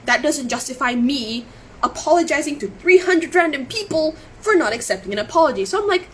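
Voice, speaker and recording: On a live stream, a woman tells her story in an emotional monologue, shaken and near tears, rambling, apologizing, and restarting her sentences. Her voice sits high and is expressive and brisk, with slight background noise and poor audio.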